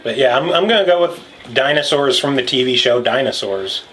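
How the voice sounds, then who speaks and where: A man co-hosting a podcast who reads listener emails in casual chat, with a dry, steady manner. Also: mid-range voice, brisk, background noise.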